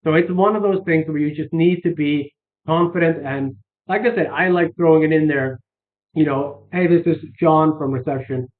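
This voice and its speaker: A man's voice: fairly high pitch, normal speed. A man giving a casual sales lesson, rambling with restarts and fillers. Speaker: sales coach. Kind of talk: casual instructional talk. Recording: tinny phone-like sound.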